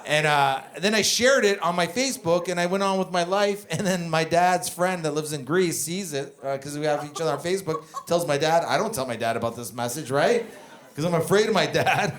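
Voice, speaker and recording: A man's voice: a little high, a little fast, fairly bright tone. A man from Canada doing a stand-up comedy set, telling rambling, profane stories on a club stage. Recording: comedy club with audience laughter.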